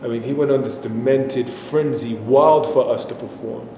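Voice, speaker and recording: A man performing a dramatic stage monologue, speaking haltingly and repeating himself as he recounts a disturbing memory. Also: steady tone, close to an everyday voice. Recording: echoey hall, faint rumble.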